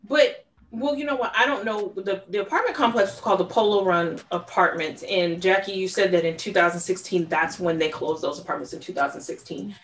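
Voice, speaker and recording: A woman co-hosting a casual true-crime podcast, retelling a case in an animated storytelling way. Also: medium pitch, a little fast, few pauses, a little hiss or hum. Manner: storytelling, animated recounting with quoted voices. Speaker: podcast co-host.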